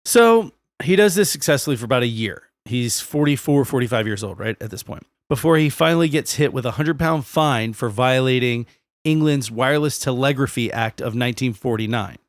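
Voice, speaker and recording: A man's voice: mid-range voice, expressive, fairly quick, dry recording. A man co-hosting a podcast, telling a history story in casual chat, laughing often and swearing freely. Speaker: podcast co-host.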